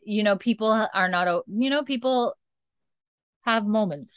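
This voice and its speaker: A woman's voice: medium pitch, measured pace, smooth, no room sound. A woman co-hosting a casual chat, animatedly retelling a TV episode and acting out the characters' lines, with lots of "like.". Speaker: podcast co-host recapping a TV episode.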